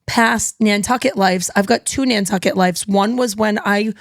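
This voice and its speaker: A woman in her thirties hosts a casual podcast, talking with energy and plenty of chatter. Her voice has a gravelly edge, and the sound is dry and close to the mic. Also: mid-range voice, normal speed, no echo. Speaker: podcast host.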